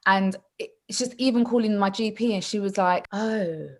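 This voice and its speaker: A woman's voice: mid-range voice, brisk. A young woman chatting casually on a podcast, telling stories animatedly and acting out what others said. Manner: animated storytelling, laughs often, acts out quotes. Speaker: podcast co-host. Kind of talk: casual chat.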